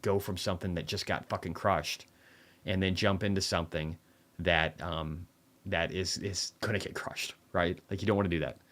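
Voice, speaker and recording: A man with a notably low, deep voice runs a loose livestream commentary. He speaks bluntly and swears freely, slipping into dry sarcasm. His talk rambles through restarts and quick asides. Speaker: livestream host reviewing markets.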